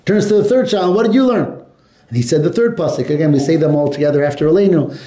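A man with a fairly high, mellow voice teaches a Torah lesson, retelling a story with animation and throwing questions to his students. The recording sounds roomy, with echo off the walls of a classroom. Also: fast talker. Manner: animated, asks the class questions, mixes Hebrew and Yiddish terms.

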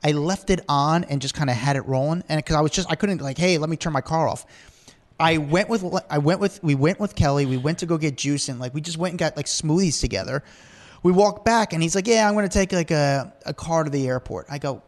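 A man talks quickly and a little high for a man, spinning a rambling celebrity story as a podcast co-host. He jumps into the voices of the people he met, keeping the chat loose and animated. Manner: rambling, animated, acts out quotes.

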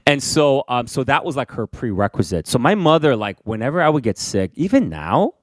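A man in his forties, born in Korea, co-hosting a podcast and telling a lively personal story with laughter. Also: mid-range voice, fairly quick, dry recording, clean studio sound. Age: 40s. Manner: animated, laughing, acts out voices. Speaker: podcast co-host. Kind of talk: casual storytelling chat.

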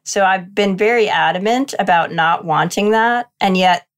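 A woman's voice: medium pitch, moderate pace. A middle-aged woman speaking as a podcast guest in a candid, thoughtful and slightly self-deprecating way. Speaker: podcast guest, freelance marketer. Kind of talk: casual podcast interview.

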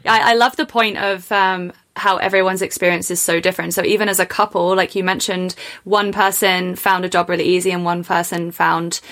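A woman's voice: on the low side, level tone, a little fast, hardly any pauses, a bit bright. Chatty woman hosting a podcast. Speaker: podcast host. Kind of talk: casual interview chat.

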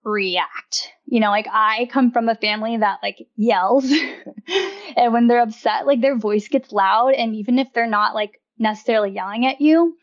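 A woman's voice: fairly high pitch, moderate pace, lo-fi sound. A young woman talking casually as a podcast guest, chatty and laughing often, with lots of "like" fillers. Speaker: podcast guest, wellness writer. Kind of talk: casual interview chat.

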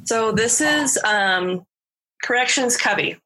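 A woman podcast host with a bright, husky voice, chatting casually and cheerfully. She talks in an upbeat, easygoing way with her co-host. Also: a little high, lively intonation, takes it slowly.

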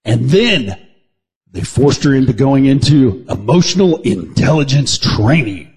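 A man's voice: mid-range voice, sing-song, a little slow, darkish tone, husky. A man co-hosting a crude comedy news podcast, rambling and teasing with mock outrage. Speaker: podcast co-host.

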